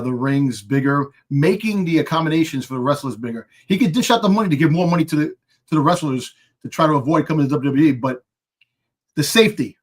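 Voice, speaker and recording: A man co-hosting a live wrestling chat, rambling and hesitant, often searching for words. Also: on the high side. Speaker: podcast co-host. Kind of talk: casual live-stream chat.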